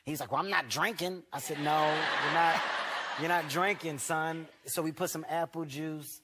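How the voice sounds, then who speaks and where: Man, comedian, animated storyteller, a touch high, laughing through the bits, noisy clip sound. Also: moderate pace. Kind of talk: stand-up and talk show anecdotes.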